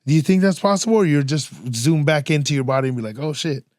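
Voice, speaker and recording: A man chatting casually on a podcast, telling stories in a slangy, profane, animated way. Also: on the high side, quick pace, dry recording, studio quality. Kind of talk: casual chat.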